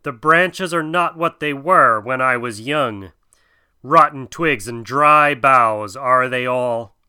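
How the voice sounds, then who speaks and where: A man's voice: mid-range voice, takes it slowly, sharp tone, smooth, dry recording, studio quality. A man voicing a proud, courteous old male python in a storybook reading, with hissing, grand, old-fashioned speech.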